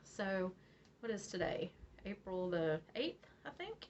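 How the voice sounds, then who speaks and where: Slow and at medium pitch, the host of a beading channel, a woman from Virginia, also from West Virginia, casually tells a vlog story. She's animated, laughs often and performs the quotes, with slightly dull, faintly noisy audio.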